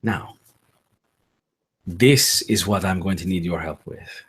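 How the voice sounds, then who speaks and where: A man voicing a calm, commanding male ghost, speaking low, slow and hushed, at times sinking to a whisper. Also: breathy edge, full character voice. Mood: ominous hushed.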